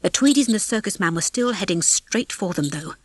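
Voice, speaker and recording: A woman reading a children's storybook aloud as narrator, in a lively, expressive way on a close mic. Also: mid-range voice, fairly quick, slightly rough, no room sound. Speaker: audiobook reader. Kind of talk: scripted narration.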